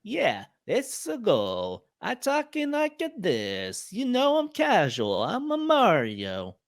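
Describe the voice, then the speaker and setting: A cheerful cartoon Italian plumber with a hammy, singsong delivery, put on by a man in a casual chat. The voice jumps well above his normal pitch and drawls each word out slowly. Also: wildly swooping pitch, dry recording, studio quality, exaggerated voice.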